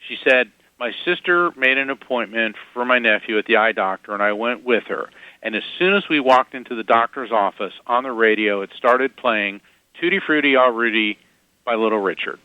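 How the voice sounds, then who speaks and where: A man guesting on an interview, telling lively anecdotes with quick asides and chuckles. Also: medium pitch, no echo, narrow, tinny audio. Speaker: guest psychic medium. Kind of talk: casual interview storytelling.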